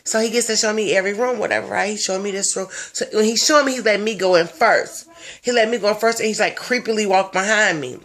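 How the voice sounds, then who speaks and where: A woman's voice: medium pitch, quick pace, fairly bright tone. A young woman telling a story in a blunt, brash way, swearing freely. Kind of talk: casual profane storytelling.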